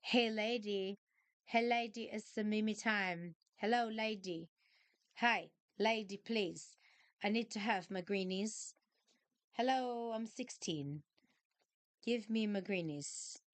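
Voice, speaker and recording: A woman's voice: medium pitch, slow, dry recording, natural voice. Woman voicing a pushy sixteen-year-old housecat, pleading and bossy; dry close recording. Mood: pestering. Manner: bossy, impatient, pleading for treats. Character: sassy demanding sixteen-year-old female cat.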